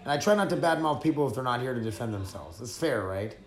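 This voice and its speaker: A man's voice: medium pitch, expressive, quick pace, gravelly. A man hosting a podcast, chatting casually in a loose, profane, rambling way. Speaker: podcast host. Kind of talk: casual chat. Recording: echoey room.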